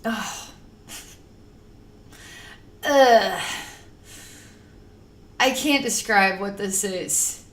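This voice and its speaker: A woman's voice: medium pitch, extremely slow, long pauses, roomy sound. A woman psychic talking through a spiritual healing session in a rambling, emotive way, at times acting out panicked voices. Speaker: psychic channeler.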